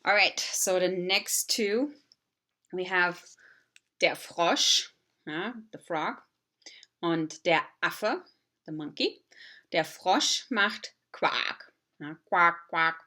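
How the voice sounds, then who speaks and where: A woman's voice: fairly low pitch, expressive, extremely slow, pauses often, pushed and bright. A woman in her thirties who grew up in Germany, with German as her first language, giving a casual language lesson and chatting with lots of ums and uhs.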